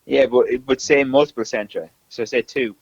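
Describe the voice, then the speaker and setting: A man's voice: mid-range voice, steady tone, normal speed, slightly rough, no echo, lo-fi sound. An Irish man co-hosting a podcast, teasing and stubbornly sticking to his claims in casual chat. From Ireland. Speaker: podcast co-host.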